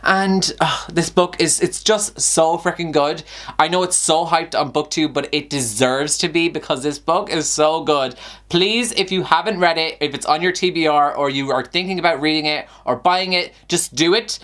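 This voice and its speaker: A man's voice: fairly high pitch, normal speed, a bit bright. Gushing young man reviewing books. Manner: gushing, effusive, chatty with frequent sighs. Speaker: book vlogger. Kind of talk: casual book review vlog.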